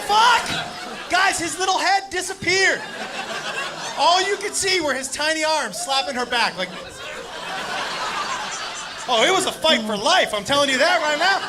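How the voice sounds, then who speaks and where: High, excitable stand-up comedian, man. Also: moderate pace, long pauses. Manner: loud, profane, excitable storytelling to a crowd. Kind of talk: stand-up storytelling. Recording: live stand-up clip with audience laughter and noise. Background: audience laughing.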